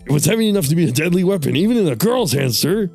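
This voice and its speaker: A man's voice: a little high, lively intonation, very fast, vocal fry, a little mellow, soft background music, pitched above the performer's own voice. A man voicing an eager, dim-witted male police detective who keeps saying sir. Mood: earnest.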